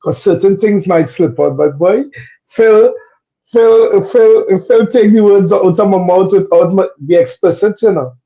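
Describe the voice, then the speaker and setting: A man's voice: high-pitched, measured pace, mellow. Tired man on a muffled mic. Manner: tired, hesitant, restarts. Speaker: fan panelist. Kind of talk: casual podcast chat.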